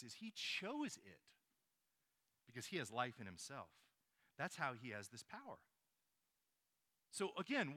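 A man's voice: a little high, sharp tone. A man preaching a sermon, asking his listeners rhetorical questions and reading scripture aloud. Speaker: pastor.

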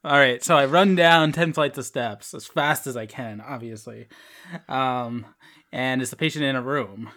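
A man's voice: mid-range voice, moderate pace, sharp tone. A man, a doctor, working methodically through a mock exam case on a podcast with wry asides. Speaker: doctor taking a mock oral boards case.

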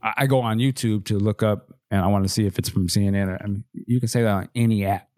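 A man's voice: on the low side, fairly even intonation, fast, darkish tone. A man co-hosting a podcast in casual chat, laid-back and slangy, laughing often and asking rhetorical questions. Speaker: podcast co-host.

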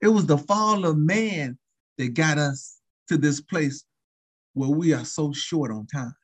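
Husky preacher man, rising and falling. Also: unhurried. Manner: call-and-response preaching with frequent "saints" and "thank you, Jesus"; chuckles between phrases, pitch swings widely. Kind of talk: sermon.

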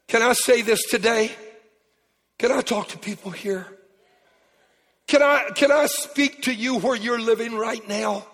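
A pastor preaching a sermon in a church, a man who talks emphatically and swings from quiet passages to shouted peaks. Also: extremely high pitch, measured pace, long pauses. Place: church sanctuary. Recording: long hall reverb.

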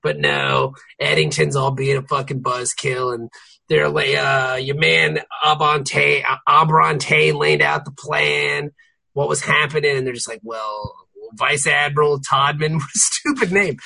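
A man on a podcast who laughs a lot and rants with crude, swearing energy. His voice is bright and edgy, slightly husky, with a gravelly crackle. His pitch leaps all over as he gets worked up. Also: steady tone, measured pace. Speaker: podcast co-host. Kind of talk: casual chat.

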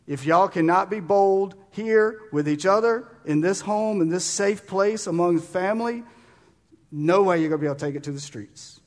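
High-voiced fervent preacher. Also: male voice, moderate pace. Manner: fervent, urging, with sudden loud bursts and quiet drops. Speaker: pastor. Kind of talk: sermon. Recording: long reverb of a large room.

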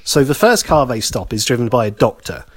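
A man's voice: mid-range voice, big pitch swings, a little fast. Casual man telling a story. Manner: conversational, repeats phrases, acts out quoted lines. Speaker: podcast co-host telling a history story.

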